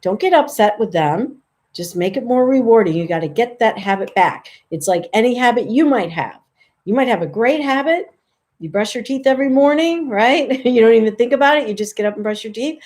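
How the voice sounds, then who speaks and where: A woman dog trainer giving a casual, friendly how-to talk, chatty and relaxed, lifting her voice high for sample calls. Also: fairly quick. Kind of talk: casual instructional talk to camera.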